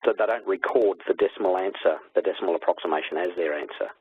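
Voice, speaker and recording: A man's voice: low-pitched, slightly rough, dry recording. A man, co-presenting a teaching webinar and chiming in with short remarks. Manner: adds quick remarks and asides. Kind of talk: conversational webinar discussion. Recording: tinny phone-like webinar audio.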